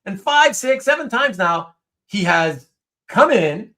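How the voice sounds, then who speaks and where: Man, host, high voice, very lively pitch, stammers and repeats himself, casual live-stream chat. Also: takes it slowly. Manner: animated, stammers and repeats words.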